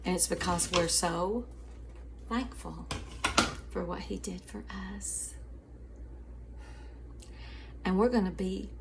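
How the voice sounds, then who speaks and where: A woman's voice: on the low side, unhurried, creaky, heavy background noise. A woman host telling a story in a devotional chat, calling her listeners sweeties and family and often laughing.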